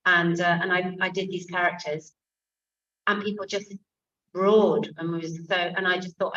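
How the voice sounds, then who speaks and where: At a book event, a woman in her sixties from England, known as an author and comic actress, chats through anecdotes in a low voice. The sound is muffled and far off, and her storytelling stays lively, sprinkled with fillers and asides.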